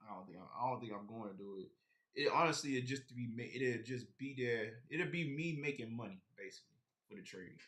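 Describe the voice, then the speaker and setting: A man's voice: mid-range voice, animated, brisk, fairly bright tone. A man chatting casually on a live stream about his sneaker collection, rambling and talking straight to his viewers.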